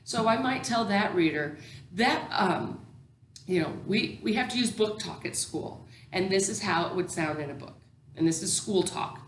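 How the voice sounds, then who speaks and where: A woman's voice: medium pitch, animated, moderate pace, reverberant, a little hiss or hum. A woman teacher educator giving a recorded lecture, explaining patiently with many ums and restarts.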